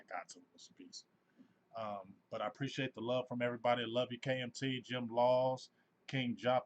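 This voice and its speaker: Animated man hosting a fan livestream. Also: mid-range voice. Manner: animated, effusive, reads out viewer names. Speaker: host of a sports fan live show. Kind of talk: casual livestream chat.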